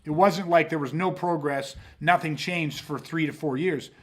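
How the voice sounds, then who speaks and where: Man, podcast host, casual self-defense talk, animated, swears a lot, fairly high voice. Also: moderate pace. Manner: animated storytelling with lots of cursing and restarts.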